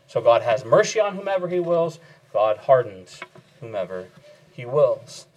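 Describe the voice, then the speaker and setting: A man's voice: on the high side, low-quality recording. A man preaching an expository sermon, earnest and emphatic, repeating key phrases.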